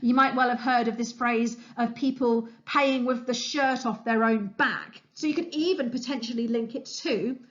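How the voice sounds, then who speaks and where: A woman's voice: fairly high pitch, normal speed, few pauses, muffled recording. A woman history teacher giving an enthusiastic, chatty revision lesson as a voice-over, with frequent fillers. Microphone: voice-over over slides.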